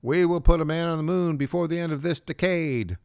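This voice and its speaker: Guy doing a 1960s president voice, big boston-style speechifying, pitched up. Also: brisk, gravelly, darkish tone, clean tone, dry recording, studio quality. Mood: declaiming. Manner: declaiming Boston-style oratory. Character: impression of a 1960s male president giving a speech.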